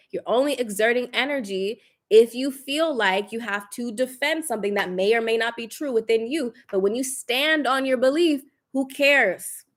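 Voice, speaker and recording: A young woman in casual livestream chat, candid and animated, laughing often and swearing casually. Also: on the high side. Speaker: spiritual lifestyle creator.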